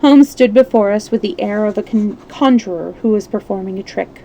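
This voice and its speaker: A woman's voice: mid-range voice, fairly quick, few pauses, warm tone, slight background noise, poor audio. A woman storyteller reading a classic story aloud expressively, with small slips and restarts.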